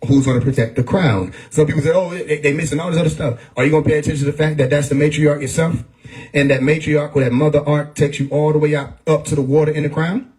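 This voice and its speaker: Male host holding forth on a live stream, preachy, keeps urging the audience to stay with him, quick bursts of laughter. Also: fairly high pitch, level tone, darkish tone. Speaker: livestream host. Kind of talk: casual livestream monologue.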